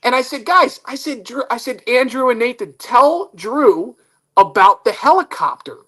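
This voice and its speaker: A man, a guest on a talk show, telling a story in a lively, self-mocking way. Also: extremely high pitch, normal speed. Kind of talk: casual radio talk show chat.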